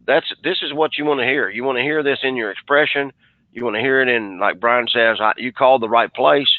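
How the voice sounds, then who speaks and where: A man's voice: medium pitch, no room sound. Man coaching sales over a tinny line. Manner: energetic, halting restarts, acts out dialogue. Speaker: sales trainer. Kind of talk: coaching a group on a webinar. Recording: dry, tinny phone-like line.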